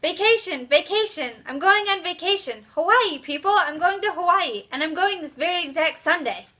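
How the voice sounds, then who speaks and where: A woman voicing an excitable little first-grade girl who yells her news with excitement. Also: very high voice, normal speed, voice pushed up, exaggerated voice. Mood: overjoyed, shouting. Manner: yelling with excitement.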